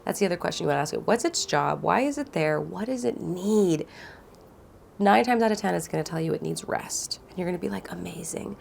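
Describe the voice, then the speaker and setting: Gravelly-voiced woman in her thirties. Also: on the low side, animated, brisk, a little hiss or hum. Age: 30s. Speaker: wellness guide. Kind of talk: casual guided teaching.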